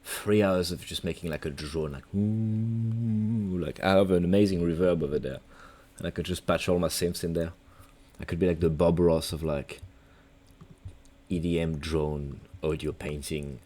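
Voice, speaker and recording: A man's voice: very deep voice, steady tone, normal speed, a little mellow. A man with a French accent, a music producer giving a casual, rambling, playful livestream tutorial.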